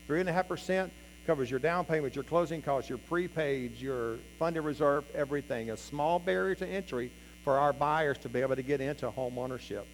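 Male presenter working a seminar crowd, emphatic, a bit high-voiced, hall reverb with a faint hum. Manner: emphatic, keeps addressing the audience as "guys". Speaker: real estate seminar presenter. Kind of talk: live seminar teaching. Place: meeting room before a live audience.

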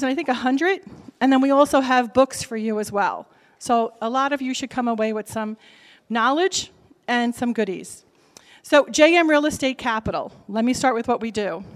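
A woman with a New Jersey accent, a lender giving a lively, direct seminar talk to a convention crowd and checking in with the audience as she goes. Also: high-pitched, in a large hall. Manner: brassy, direct, keeps checking in with "okay?". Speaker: lender speaking at a real estate convention. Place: large convention hall.

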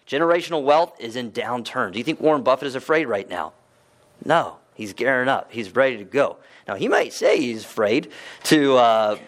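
A man's voice: mid-range voice, fairly bright tone. A man giving a casual, conversational talk to a live audience, often asking them questions and using fillers. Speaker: real estate investment speaker.

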